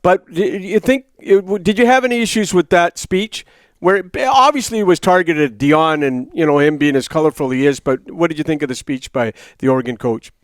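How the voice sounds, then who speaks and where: A sports radio co-host who asks rambling, good-humored questions in a studio. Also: male voice, a little high, brisk, no room sound. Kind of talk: casual radio interview banter.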